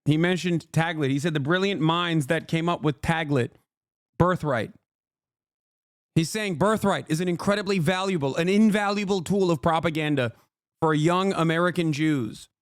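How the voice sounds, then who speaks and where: A man's voice: on the high side, moderate pace, clean tone, no echo, studio quality. A man streaming live, commenting on clips in a rambling, emphatic way and talking to his chat.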